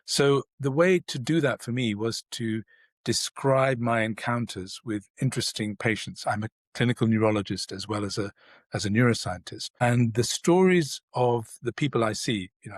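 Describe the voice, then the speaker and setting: A man in his sixties with a standard British accent, a neurologist speaking as an interview guest in a measured, reflective way. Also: mid-range voice, dry recording, studio quality. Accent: standard British English. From South Asia, raised in the United Kingdom. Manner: measured, reflective, with small restarts. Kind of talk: thoughtful conversational interview.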